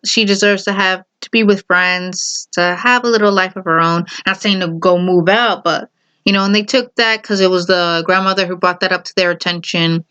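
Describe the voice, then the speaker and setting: A woman talks through her opinions in a casual vlog, with a clear, smooth voice. She speaks straight to her viewers and drives each point home by saying it again and again. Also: medium pitch, fairly bright tone, lo-fi sound. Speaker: vlogger.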